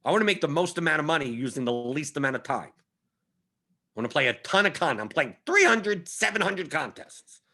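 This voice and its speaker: Bright-voiced man hosting a live stream. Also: a little high, lively intonation, moderate pace. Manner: emphatic, repetitive, conversational with frequent "right?". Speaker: fantasy sports analyst host. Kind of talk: casual live-stream chat.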